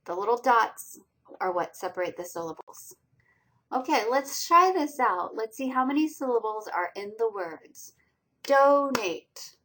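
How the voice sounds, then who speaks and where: A woman teaching a college reading class walks patiently through a recorded slideshow lecture step by step, quizzing students with questions as she goes. Her medium-pitched voice is fairly bright, with a slight hiss or hum in the audio.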